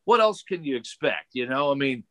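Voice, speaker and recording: Lively middle-aged storytelling man. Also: mid-range voice, normal speed, dry recording. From Missouri, USA. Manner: animated storyteller, acts out other people's voices. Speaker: voice actor, interview guest. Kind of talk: casual storytelling interview.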